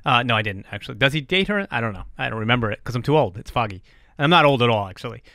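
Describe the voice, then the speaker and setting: A man's voice: mid-range voice, lively intonation, rapid-fire, bright, forceful tone, no room sound, clean studio sound. A man in his forties hosting a podcast, ranting in a casual, profane way and laughing often. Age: 40s. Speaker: podcast host.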